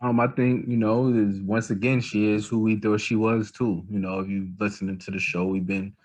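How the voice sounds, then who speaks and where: This podcast co-host is a man with a fairly low, darkish voice and a flat delivery at a moderate pace. He rambles through casual political chat, leaning heavily on fillers.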